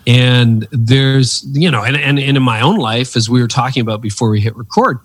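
A man's voice: medium pitch, moderate pace, no room sound. A man in his fifties, a guest author telling stories with earnest, preacherly emphasis in a conversational interview. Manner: animated storyteller with lively swings in emphasis.

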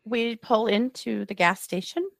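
Fairly high-pitched and a little creaky, a woman speaks at a measured pace on a true crime podcast she co-hosts. She tells the story conversationally and with energy, performing the quotes herself, and the studio recording is clean with no echo.

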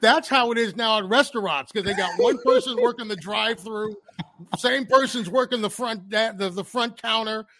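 A man's voice: sits high, normal speed, bright, forceful tone. A man co-hosting a casual comedic chat show, riffing with dry, wry commentary. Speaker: podcast co-host.

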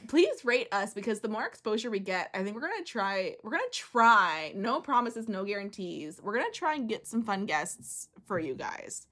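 A woman's voice: medium pitch, big pitch swings, moderate pace, few pauses, fairly bright tone. A young woman co-hosting a podcast, chatting in a casual, upbeat way with lots of fillers. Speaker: podcast co-host. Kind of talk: casual chat.

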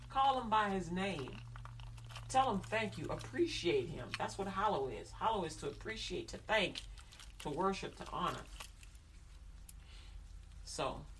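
Bright-voiced woman preaching. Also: medium pitch, recorded from a distance, a little hiss or hum. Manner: animated storytelling, acting out family voices, chanting prayers. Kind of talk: sermon.

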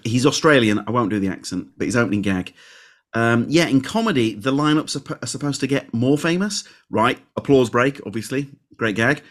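A man co-hosts a comedy podcast in a relaxed, chatty way. His voice sits at an ordinary middle pitch, and he reads listener emails aloud with self-deprecating asides. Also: brisk. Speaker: podcast co-host. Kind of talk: casual podcast chat.

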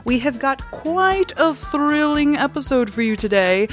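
A woman's voice: high voice, expressive, unhurried, over music. A woman hosting a podcast in a talkative, joking, casual way. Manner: chatty and joking. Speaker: podcast host. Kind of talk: casual chat.

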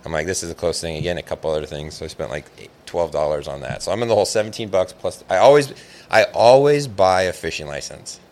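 A man telling a long fishing story in casual chat, rambling and animated, with lots of "like" fillers. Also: deep voice, quick pace. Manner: rambling, animated, heavy use of "like".

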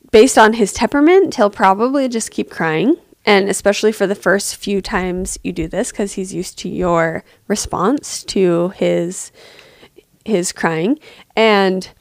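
A woman gives parenting advice on a podcast in a soft, empathetic manner, thinking aloud with small pauses. Her voice sits at a middle pitch for a woman. The sound is close and dry, with no room around it. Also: vocal fry, no echo.

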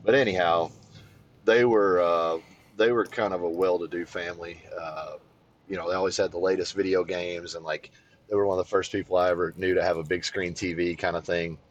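A man co-hosting a podcast, telling a childhood story in casual chat, swearing freely, and getting animated as he goes. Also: a little fast, muffled recording, slight background noise. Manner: animated, swears freely, voice jumps high when excited. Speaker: podcast co-host.

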